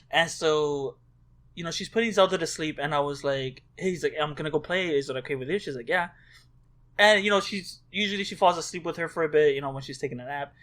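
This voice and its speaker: Male podcast co-host, higher-pitched, animated storyteller, swears freely, casual delivery. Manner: excitable storyteller, swears a lot. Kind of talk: casual chat.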